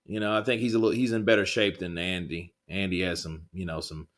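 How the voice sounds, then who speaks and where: A man's voice: low voice, flat delivery, fast, fairly bright tone. A man hosting a live boxing stream, reading viewer comments and chatting in a rambling, laid-back way with plenty of swearing. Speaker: livestream host.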